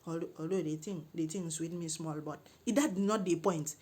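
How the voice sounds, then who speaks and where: Husky-voiced Nigerian woman telling a comic tale. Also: fairly low pitch, moderate pace. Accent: Nigerian English. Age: middle-aged. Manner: animated, exclaiming, scolding when indignant. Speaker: comedic storyteller. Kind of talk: comic storytelling monologue.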